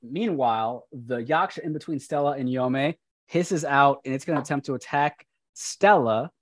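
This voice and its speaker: A man's voice: mid-range voice, normal speed, no room sound. Game master man, dry close sound. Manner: explains rules aloud while reading. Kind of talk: narrating and ruling a tabletop game.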